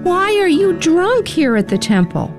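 A woman voicing an old, nearly blind male priest in a slow storybook reading. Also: very high-pitched, big pitch swings, darkish tone, soft background music, voice pushed up, heavily acted. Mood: stern. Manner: stern.

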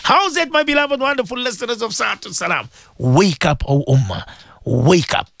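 A man's voice: high-pitched, lively intonation, normal speed, vocal fry, fairly bright tone, dry recording. A man hosting a morning radio show, talking in an emphatic, repetitive, preachy way. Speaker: radio host.

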